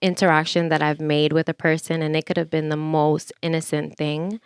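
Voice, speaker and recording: Young woman, podcast co-host, casual chatty talk, smooth clear voice, dry close sound. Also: deep voice, little pitch movement, no echo. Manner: chatty, quick asides with frequent "like". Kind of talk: casual chat.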